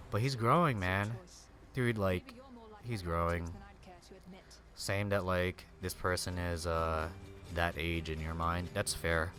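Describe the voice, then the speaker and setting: A man's voice: low voice, fairly even intonation, slow, long pauses, over music. A young adult man streaming a game, chatting casually with viewers in a rambling, slangy way. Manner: rambling, slangy, peppered with "dude" and "like". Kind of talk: casual gameplay chat.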